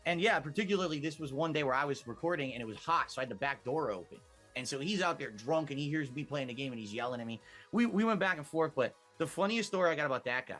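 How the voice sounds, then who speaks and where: A man's voice: fairly high pitch, fast talker, soft background music. Man telling an exasperated anecdote. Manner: animated, acts out quotes, exasperated. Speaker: interview guest. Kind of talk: anecdotal storytelling in an interview.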